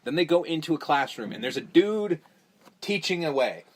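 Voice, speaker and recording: A man's voice: fairly high pitch, very animated, normal speed. A man casually recapping a horror movie on a podcast, swearing freely and acting out the characters' lines. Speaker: podcast host.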